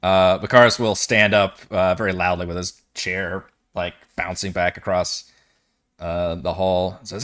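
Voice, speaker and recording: A man narrating a tabletop game as game master over a voice call, describing scenes slowly with many fillers. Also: low voice, little pitch movement, a bit bright. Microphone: headset or desk mic on a voice call.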